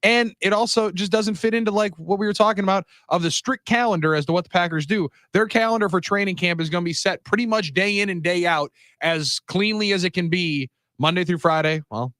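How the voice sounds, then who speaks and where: A man with a somewhat high voice hosts sports radio, chatting in quick, rambling bursts. The sound is close and dry, straight off a studio microphone. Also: a bit bright, no echo. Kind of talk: casual sports radio talk.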